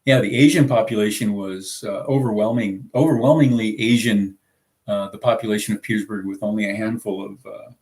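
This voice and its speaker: A man's voice: fairly low pitch, a little fast, a little mellow. A man who grew up in the American South, co-hosting a casual live chat aboard a small sailboat, rambling with lots of fillers and chuckles. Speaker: sailing vlog co-host.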